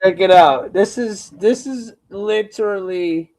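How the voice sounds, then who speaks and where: A young man hosts a casual livestream, telling loose, slang-filled stories to his viewers. His voice sits high, and he drags his words out at an unhurried pace. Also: a little mellow, low-quality recording. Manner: rambling, slangy storytelling. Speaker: livestream host.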